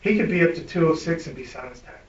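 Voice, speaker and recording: A middle-aged man teaching a classroom of medics, blunt and salty, throwing questions at his students. His voice sits a bit high for a man. He's picked up from far off in an echoey room, dull and lo-fi, with faint noise behind him. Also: quick pace. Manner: blunt, profane, quizzing the class. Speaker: EMS instructor. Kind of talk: classroom lecture with anecdotes. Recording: echoey room, distant mic.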